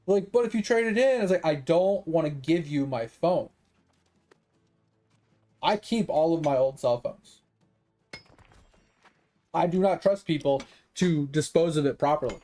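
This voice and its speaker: Mellow-voiced man streamer, casual and profane, rambling chat over faint music. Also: a little high, measured pace, pauses often. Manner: profane, rambling, laughs often. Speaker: gaming streamer.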